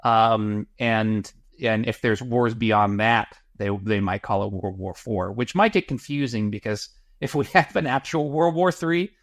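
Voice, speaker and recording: A man co-hosting a podcast in casual discussion, halting and repeating words as he works out his thoughts. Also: on the low side, no room sound, studio quality. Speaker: podcast co-host.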